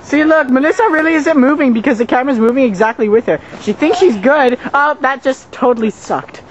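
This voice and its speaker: A man's voice: very high-pitched, a little fast. A young man filming with a camcorder, bantering playfully with the person he films. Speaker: camera operator. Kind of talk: casual banter behind the camera. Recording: dull camcorder audio with loud noise.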